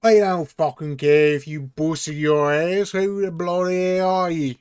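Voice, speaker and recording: Man putting on loud, gruff gang guards. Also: fairly high pitch, steady tone, a little slow, no echo, studio quality, voice pushed up, close to an everyday voice. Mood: rude. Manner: loud, brusque, swearing. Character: rough male gang guards, gruff and rude.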